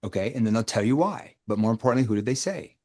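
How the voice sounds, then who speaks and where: A man's voice: medium pitch, expressive, quick pace, warm tone. Man coaching, quizzing his group. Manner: keeps quizzing the group with rhetorical questions. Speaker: sales trainer. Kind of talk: live coaching session.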